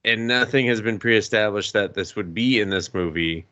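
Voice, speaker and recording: A man's voice: fairly low pitch, normal speed, sharp tone, muffled recording. A man co-hosting a podcast, chatting casually and ranting profanely about a movie. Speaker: podcast co-host. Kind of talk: casual movie review chat.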